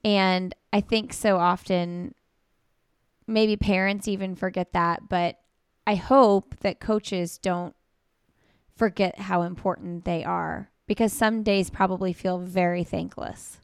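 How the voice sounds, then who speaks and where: A woman's voice: lowish voice, fairly even intonation, slow, smooth, no room sound, studio quality. A woman hosting a podcast, chatting casually and affirming her guest. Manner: conversational, affirming. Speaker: podcast host. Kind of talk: casual interview chat.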